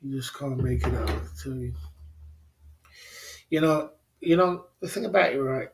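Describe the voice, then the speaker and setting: A man's voice: medium pitch, moderate pace, vocal fry. A man hosting a casual livestream, rambling about stocks and reading chat comments, often repeating "you know what I mean". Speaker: livestream host.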